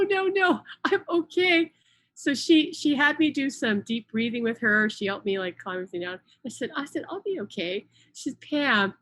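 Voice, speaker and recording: A middle-aged woman talking casually on a live stream, retelling events in an animated way with many restarts and quoted dialogue. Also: fairly high pitch. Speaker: host, spiritual channel.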